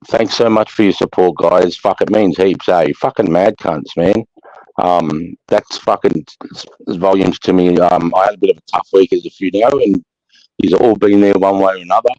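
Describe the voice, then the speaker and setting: An Australian man hosting a livestream, giving sweary, matey shout-outs to his chat in a casual way. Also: sits low, normal speed, no room sound, lo-fi sound. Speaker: livestream host.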